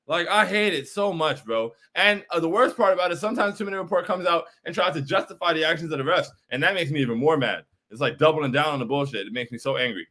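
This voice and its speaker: Frustrated young man with a bright voice. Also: fairly high pitch, fast, few pauses. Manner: frustrated, repetitive, calls people bro. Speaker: postgame show host. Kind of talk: livestream postgame reaction, reading chat.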